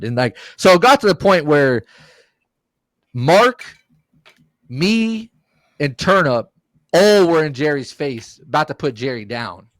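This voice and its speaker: A man's voice: fairly high pitch, slow pace, long pauses, no echo. A man on a podcast telling a rowdy, profane story in casual chat and acting out the quotes. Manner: animated, profane, acts out quotes.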